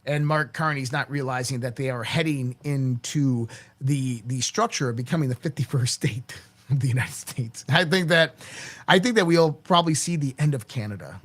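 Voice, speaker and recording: A man's voice: mid-range voice, moderate pace, a bit bright. Blunt, crass male commentary host. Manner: blunt and crass, often curses and repeats words when restarting. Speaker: host of a daily commentary show. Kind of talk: casual political commentary.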